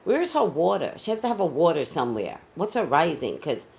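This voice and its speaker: A woman delivers blunt, scolding commentary on celebrities, her voice low and gravelly. Her pitch swings widely as she lectures, emotional and outspoken. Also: big pitch swings, a little fast, a little mellow. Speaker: psychic commentator.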